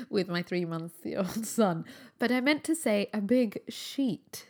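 A woman's voice: mid-range voice, expressive, takes it slowly. A Scottish woman in her thirties hosting a podcast, chatting casually with giggles and self-deprecating asides. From Scotland. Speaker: podcast host.

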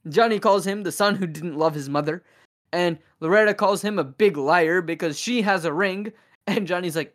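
Animated podcast host retelling a film. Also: mid-range voice. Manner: animated retelling, quick voicing of characters' lines. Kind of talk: casual chat recapping a film.

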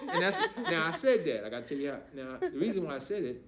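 A middle-aged pastor, his voice a little high and quick, recounts a story from his own life during a podcast interview, speaking casually and acting out other people's voices. His delivery is animated, with casual dialect grammar, over a loud crowd. The recording has a roomy echo and faint noise.

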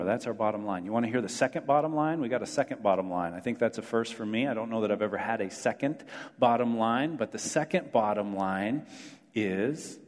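Earnest male preacher in a reverberant hall. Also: lowish voice. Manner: earnest, building to emphatic declarations then dropping soft. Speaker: pastor. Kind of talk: sermon.

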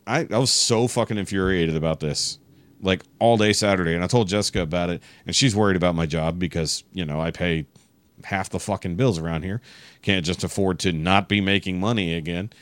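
A man with a very low voice tells a long, exasperated story on a podcast, cursing constantly as he goes. The sound is dry and close, with no room around it. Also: normal speed, no echo. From Texas. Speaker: podcast guest. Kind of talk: casual chat.

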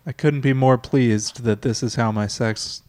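A man's voice: mid-range voice, fairly even intonation, measured pace, crowd noise. A man caller, awkward and hesitant, wrapping up a call. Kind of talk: comedy sketch.

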